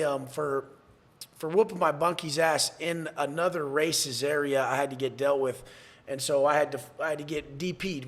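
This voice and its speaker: Blunt, profane storyteller man, slightly high voice. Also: a bit bright. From San Diego, USA. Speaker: podcast guest. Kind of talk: candid storytelling interview.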